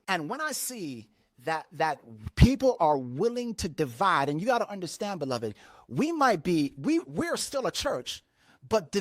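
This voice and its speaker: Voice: medium pitch, fairly bright tone, dry recording. Fired-up preacher, voice jumps all over, dry close sound, keeps repeating himself mid-thought. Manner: impassioned, repeats words and restarts lines; acts out others' words in quoted voices. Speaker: pastor. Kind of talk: sermon.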